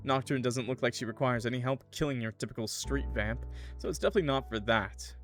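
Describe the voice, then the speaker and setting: An excitable man streaming a visual novel, reading the narration and breaking off into loud, joking asides. His voice is mid-pitched and ordinary, close to a streaming microphone. Faint guitar music plays behind him. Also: fast talker, hardly any pauses. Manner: excitable, swears, laughs loudly. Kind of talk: casual let's-play commentary and narration.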